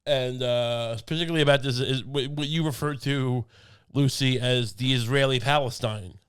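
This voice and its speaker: A young man co-hosting a podcast, talking in a rambling, deadpan comic way with many restarts. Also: mid-range voice, moderate pace, smooth. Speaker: podcast co-host. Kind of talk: casual comedic chat. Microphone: studio podcast mic.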